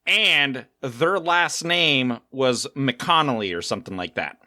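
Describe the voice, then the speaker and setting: A middle-aged man from South Africa co-hosting a podcast, telling stories in a casual, animated way and acting out the voices of the people in them. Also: mid-range voice, takes it slowly, no echo, clean studio sound. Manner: animated storyteller, acts out quotes. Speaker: co-host.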